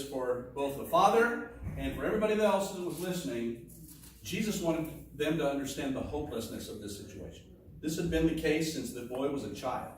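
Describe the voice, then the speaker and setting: A man preaching a sermon in a conversational teaching manner, with asides and restarts. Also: fairly high pitch. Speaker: pastor. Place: church sanctuary. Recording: echoey room, distant mic, faint noise.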